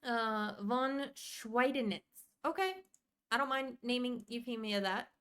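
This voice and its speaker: A woman's voice: a little high, unhurried, a bit bright, clean tone. A woman live streaming as she plays a game, chatting casually, rambling through details and greeting viewers by name. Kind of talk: casual live-stream chat while playing.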